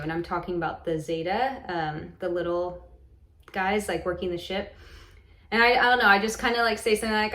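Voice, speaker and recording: A woman's voice: on the low side, fast, a bit bright. Rambling woman in an echoey room. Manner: rambling, full of "like" and "um", with restarts. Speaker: vlogger recounting a hypnosis session. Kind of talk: casual storytelling to camera.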